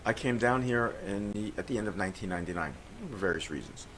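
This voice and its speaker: A man's voice: on the low side, fast talker, slight background noise, poor audio. An older man from New York with a New York accent, a tax accountant chatting as an interview guest and telling stories. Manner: chatty, storytelling, animated. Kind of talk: casual interview chat.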